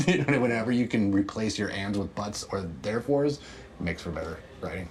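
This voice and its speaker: A man's voice: on the low side, lively intonation, brisk, darkish tone, a little hiss or hum. A man who speaks casually and profanely, laughing often, in a candid documentary interview as a writer and producer.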